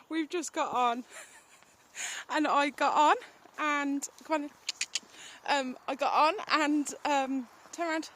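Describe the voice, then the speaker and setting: A woman's voice: sits high, normal speed, pauses often, a bit bright. A woman in her thirties with a British accent, chatting casually to a phone while out riding her horse in the countryside, rambling with lots of ums and talking to the horse now and then. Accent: British English. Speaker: vlogger. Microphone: phone held while riding. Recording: faint outdoor noise. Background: outdoor ambience with animal sounds.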